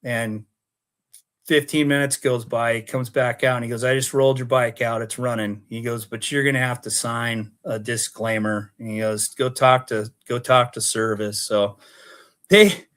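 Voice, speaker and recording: A man's voice: medium pitch, level tone, normal speed, a bit bright. Man spinning a casual road-trip yarn. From Oregon, US. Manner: rambling, acts out quoted dialogue. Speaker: podcast guest. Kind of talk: casual storytelling.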